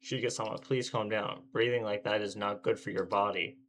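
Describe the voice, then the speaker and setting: A man reading as a quiet, polite young maid. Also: lowish voice, fairly even intonation, brisk, close to an everyday voice. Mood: concerned. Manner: soft, formal and polite. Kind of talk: reading a visual novel aloud.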